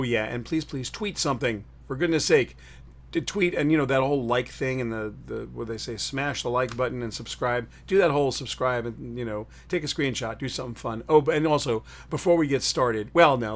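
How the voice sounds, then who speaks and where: Man, live-stream host, upbeat, rambling, mid-pitched voice. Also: normal speed. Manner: rambling, greets viewers in chat. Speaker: host of a live tech show. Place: in New York City.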